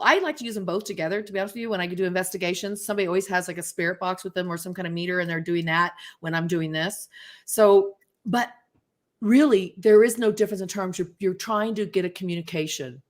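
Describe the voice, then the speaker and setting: A woman guest on a talk show who tells stories in a casual, animated way and acts out the voices of people she quotes. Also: on the low side, quick pace. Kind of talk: casual interview storytelling.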